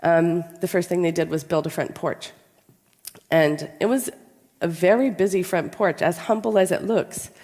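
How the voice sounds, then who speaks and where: Woman speaking with a cold. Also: on the low side. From American South. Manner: warm, anecdotal, measured with pauses. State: has a cold. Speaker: conference speaker. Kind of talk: storytelling talk. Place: large conference hall. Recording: long reverb in a large hall.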